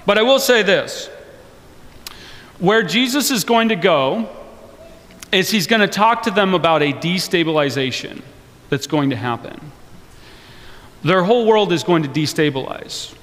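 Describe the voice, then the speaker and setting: A man's voice: high-pitched, a little slow, long pauses. A man preaching a sermon in a casual, joking way. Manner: conversational and joking, animated. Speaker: pastor. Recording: long reverb of a large hall.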